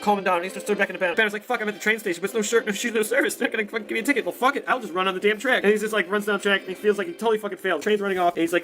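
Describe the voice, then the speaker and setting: A man rambling through a profane, rushed recap of a comic book. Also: high-pitched, a bit bright.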